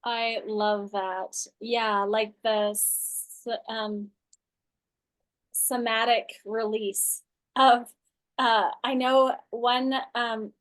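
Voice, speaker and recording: A woman's voice: a little high, a bit bright. A woman leading an online coaching class for a group, talking loosely and casually, with lots of filler words and sentences she restarts partway through. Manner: loose and chatty, full of "like" and "um", restarts mid-sentence. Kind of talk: casual teaching talk to a group. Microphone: video call.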